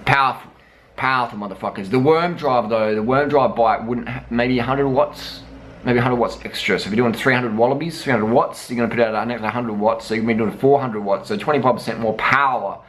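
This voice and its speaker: Casting: middle-aged man, cycling vlogger, profane and heated, mid-pitched voice, unpolished rant. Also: fairly quick, fairly bright tone, slight background noise. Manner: blunt, swearing, heated. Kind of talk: profane ranting commentary.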